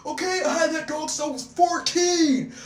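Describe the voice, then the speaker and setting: A woman's voice: moderate pace, crowd noise, lightly acted. Woman mimicking a wailing, panicky boyfriend. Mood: distraught. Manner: high-pitched, wailing and shouting. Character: distraught grown man, panicky and defensive over his dying dog. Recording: roomy, distant mic, noisy background.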